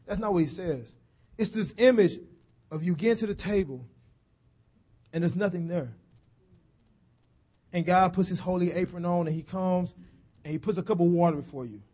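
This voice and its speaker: A preacher with a notably high voice, talking to his congregation in a folksy, conversational way. He slows down and drops low on key phrases, then rises when he stresses a point. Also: mellow. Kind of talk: sermon.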